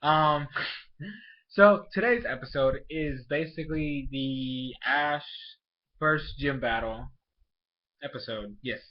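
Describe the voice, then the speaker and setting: A young man talking through a casual video review of a cartoon episode, rambling and full of fillers. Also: mid-range voice. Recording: dull lo-fi home recording.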